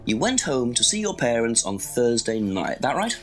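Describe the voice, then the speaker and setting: Campy detective in a live-action game, overacted and pointed, played by a man; swooping, lively delivery. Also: medium pitch, normal speed, faint music behind, close to an everyday voice. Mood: probing. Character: campy, theatrical male police detective, middle-aged.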